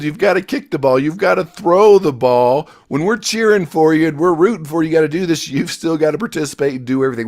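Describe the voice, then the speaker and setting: A man teaching a motivational business class, energetic and storytelling, with loud emphatic bursts and quiet asides. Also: fairly high pitch. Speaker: success coach.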